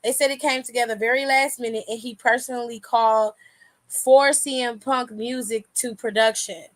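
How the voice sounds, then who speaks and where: A young woman giving casual, animated commentary on wrestling news, swearing freely and laughing often. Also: on the high side, moderate pace.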